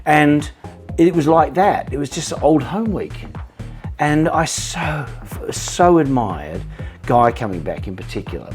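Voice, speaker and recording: An Australian man as an interview guest, chatting animatedly with frequent restarts. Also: mid-range voice. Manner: animated storyteller with many restarts. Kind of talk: casual interview chat.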